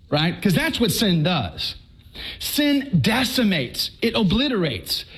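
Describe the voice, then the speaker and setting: A man from Texas giving a humorous personal testimony to a live audience, telling his story in a lively way and stammering and repeating words for effect. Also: sits high, low-quality recording. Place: speaking before an audience.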